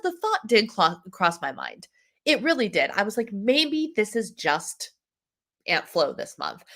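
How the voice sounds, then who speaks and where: A woman's voice: lowish voice, fairly bright tone. A woman, hosting a casual wellness livestream, a little nasal and congested from a cold, chatting with viewers by name. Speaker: wellness coach and livestream host.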